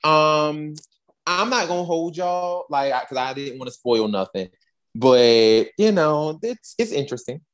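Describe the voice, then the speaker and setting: Woman podcast co-host, low voice, very animated and emphatic, casual chat. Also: measured pace. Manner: animated, emphatic, exasperated storytelling.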